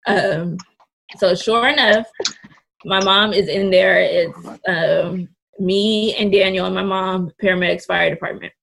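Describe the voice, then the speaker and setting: A woman's voice: mid-range voice, fairly even intonation, unhurried, gravelly, a bit bright, slight background noise. A young woman in her twenties, a podcast guest, telling a story in casual, candid, blunt talk and swearing freely. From California Bay Area.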